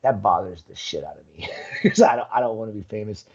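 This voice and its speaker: Laughing man telling rambling stories, husky. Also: on the low side, fast, lo-fi sound. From United States. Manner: laughing, rambling with many fillers. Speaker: guest, coral farm owner. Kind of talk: casual chat, storytelling.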